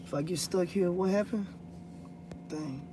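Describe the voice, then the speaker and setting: A man's voice: high-pitched, measured pace, noisy background. A man, a hotshot truck driver chatting loosely to viewers in a rambling, swearing way. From Louisiana. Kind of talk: casual vlog chat answering viewers.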